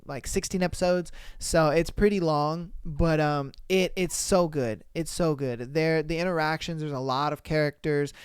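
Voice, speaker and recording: A man's voice: a little high, smooth, no room sound, clean studio sound. A man hosting a podcast, recapping a drama in a rambling, slangy, casual way. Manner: rambling, full of fillers and slang. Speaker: podcast host.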